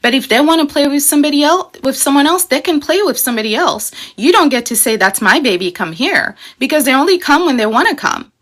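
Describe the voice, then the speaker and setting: A woman's voice: high voice, fast, hardly any pauses. A woman hosting a casual astrology talk, explaining in a chatty, emphatic way with frequent "you know" and "okay?". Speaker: astrology host.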